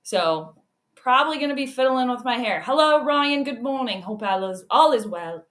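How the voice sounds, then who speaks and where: A woman's voice: a little high, lively intonation, moderate pace, fairly bright tone. A woman hosting a casual livestream, chatting and greeting viewers by name with frequent laughs. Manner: laughs often between remarks. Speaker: livestream host. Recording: roomy echo.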